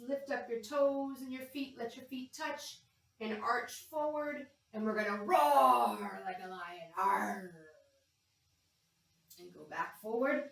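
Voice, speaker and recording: A woman leading a yoga class for young children, talking them gently and playfully through animal poses and animal sounds. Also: a little high. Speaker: kids yoga instructor. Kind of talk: guided kids yoga class. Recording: echoey room, distant from mic.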